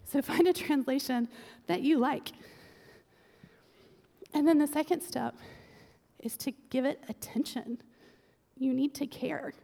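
A woman preaching a casual, humorous sermon, chatty with quick joking asides. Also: sits high, vocal fry, dark tone. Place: church sanctuary. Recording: long church-hall reverb.

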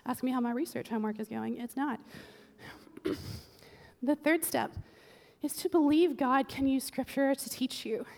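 A woman preaching a casual, humorous sermon, chatty with quick joking asides. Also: sits high, a little mellow. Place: church sanctuary. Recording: long church-hall reverb.

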